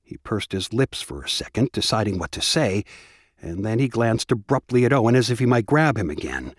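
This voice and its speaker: Male audiobook narrator, husky tone, lively pitch, close dry studio sound. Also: fairly quick, no room sound. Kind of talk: scripted narration.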